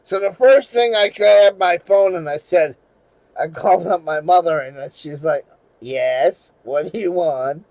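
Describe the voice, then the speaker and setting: Man from New England, slow rambling storyteller, high-pitched, swears and restarts, dry close sound. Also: darkish tone, no room sound, rough recording. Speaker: channel host. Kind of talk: casual storytelling monologue.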